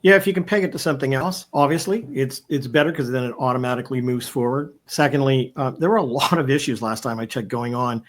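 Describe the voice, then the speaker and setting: A man's voice: medium pitch, fast, few pauses. A man on a political panel, talking conversationally with some hedging.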